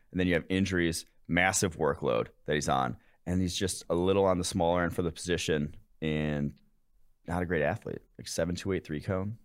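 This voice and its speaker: A man's voice: low voice, dry recording, studio quality. A man co-hosting a casual sports podcast, blunt, crude and wry. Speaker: podcast co-host.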